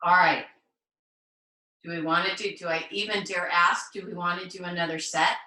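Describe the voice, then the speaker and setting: A woman teaching a live online yoga class, cueing poses gently and encouragingly with playful asides. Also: fairly low pitch, fairly even intonation, normal speed, roomy sound, recorded from a distance, rough recording. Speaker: yoga instructor. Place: home room, on a video call.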